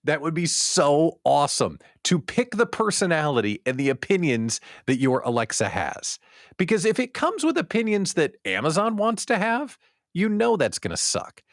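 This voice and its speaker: A male host of a daily livestream talk show who speaks in an animated, joking way. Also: a little high, normal speed, no echo, studio quality.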